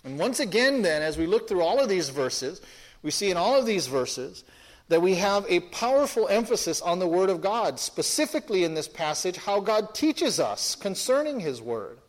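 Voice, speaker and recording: A man's voice: sits high, very animated, normal speed. A man preaching an expository sermon to a congregation, emphatic, often repeating phrases and restarting sentences.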